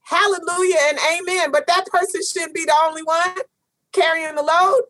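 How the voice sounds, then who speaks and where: A woman's voice: very high voice, steady tone, normal speed, a bit bright. A woman co-hosting a casual talk show, speaking emphatically and sassily, repeating phrases for stress. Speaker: co-host. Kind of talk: casual chat.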